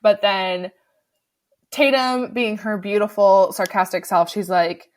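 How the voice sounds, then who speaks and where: A woman's voice: mid-range voice, normal speed. A woman co-hosting a podcast, eagerly retelling a horror film scene in casual chat. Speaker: podcast co-host.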